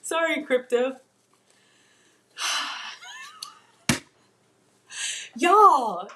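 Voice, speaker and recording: A woman with a mid-range, expressive voice hosts a live home cooking class from her kitchen, speaking at normal speed. She's chatty and teases herself while talking to viewers.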